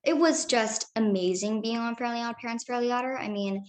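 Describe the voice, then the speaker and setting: A woman's voice: on the high side, moderate pace. A teenage girl, a young actress, answering interview questions in a chatty, upbeat way with many fillers.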